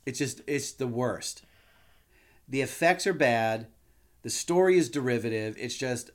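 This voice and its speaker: A man's voice: mid-range voice, expressive, moderate pace. A man co-hosting a podcast, reviewing films in casual chat with wry, playful humor. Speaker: podcast co-host.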